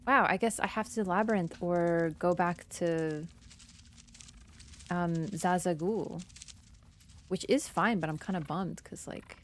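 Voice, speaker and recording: A woman streaming a game, chatting casually with her viewers, teasing and jumping between excited bursts and low mutters. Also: a little hiss or hum. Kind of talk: casual gameplay commentary.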